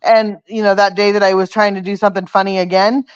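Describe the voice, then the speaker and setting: A woman's voice: mid-range voice, flat delivery, fast, clear, resonant tone. A woman hosting her livestream in casual chat, telling rambling, meandering stories. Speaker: livestream host. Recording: dull, dry muffled stream audio.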